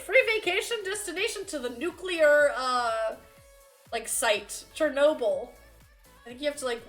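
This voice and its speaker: Giggly high-voiced woman streamer. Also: fairly bright tone. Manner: giggly, chatty, reads chat aloud. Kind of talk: casual live-stream chat.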